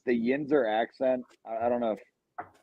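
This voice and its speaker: A man's voice: mid-range voice, steady tone, fairly quick, muffled recording, a little hiss or hum. A man in his thirties from Ohio, talking as a podcast guest in a rambling, profane, joking way. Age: 30s. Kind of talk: casual podcast chat.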